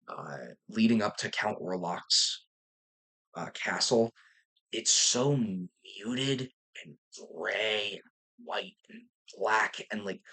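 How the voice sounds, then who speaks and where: A man's voice: fairly low pitch, pushed and bright. A young man talking casually and enthusiastically about a film, rambling with fillers and restarts and casual swearing. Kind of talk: casual movie review vlog.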